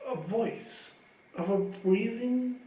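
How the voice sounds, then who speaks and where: A man reading a novel aloud in a measured, expressive storytelling manner. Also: high voice, reverberant, far from the mic, rough recording. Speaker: audiobook reader. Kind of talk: fan audiobook narration.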